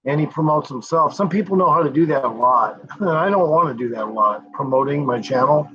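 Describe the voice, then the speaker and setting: A man's voice: on the high side, lively intonation, brisk. A man hosting a casual livestream, rambling and cursing freely, often trailing off with fillers. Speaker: livestream host. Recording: dull lo-fi sound.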